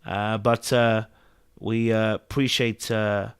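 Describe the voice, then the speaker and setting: A man hosting a casual TV recap, animated and repeating phrases for emphasis. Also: fairly low pitch, slow, clean tone, no room sound, studio quality. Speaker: TV recap podcast host.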